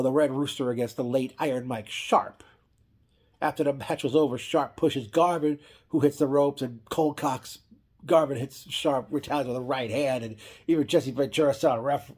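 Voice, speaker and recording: A man's voice: mid-range voice, a little mellow. Man rambling through a wrestling recap. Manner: rambling, frequent restarts and self-corrections. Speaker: wrestling event reviewer. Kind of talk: casual play-by-play recap.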